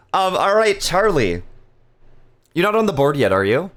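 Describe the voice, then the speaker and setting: A man's voice: on the high side, big pitch swings, normal speed, long pauses, a bit bright. A man casually chatting on a live stream, reading viewer messages aloud with playful jokes and frequent laughter. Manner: laughs often.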